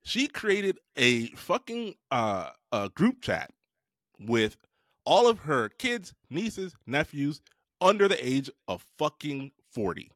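A man co-hosting a podcast, ranting and joking loudly with lots of swearing. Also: fairly high pitch, sing-song, slow pace, no echo, studio quality. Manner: loud, profane, joking rants. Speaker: podcast co-host. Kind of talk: casual podcast chat.

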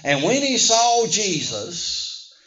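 A man's voice: sits high, very animated, takes it slowly, pushed and bright. A man preaching a sermon as pastor, emphatic and calling on the congregation to answer back. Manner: emphatic call-and-response preaching. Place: church. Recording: echoey dull church sound.

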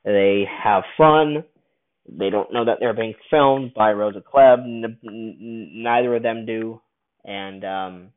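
A man's voice: lowish voice, fairly even intonation, slow pace. Rambling man on a tinny line. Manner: rambling, many restarts and stammers. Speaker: film reviewer. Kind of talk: casual film recap. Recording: tinny phone-like sound.

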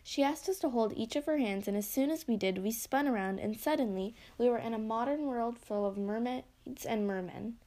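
Woman storyteller, expressive first-person read-aloud, slightly high pitch. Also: normal speed, few pauses.

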